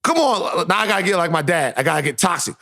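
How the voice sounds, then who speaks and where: A man's voice: a little high, rapid-fire, gravelly, pushed and bright. A man co-hosting a podcast, telling a playful story and acting out quoted lines. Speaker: podcast co-host. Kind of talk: podcast conversation.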